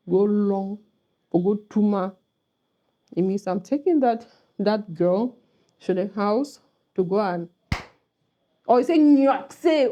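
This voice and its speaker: A woman's voice: mid-range voice, warm tone. A woman from Cameroon with a Cameroonian accent, teaching pidgin words in a casual vlog and playfully acting out example phrases.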